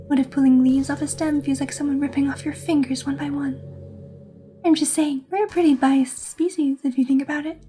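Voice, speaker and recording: A woman voicing a sweet, intense teenage girl who is a club president, reading game dialogue softly and affectionately. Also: sits high, close to an everyday voice. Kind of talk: reading visual novel lines aloud.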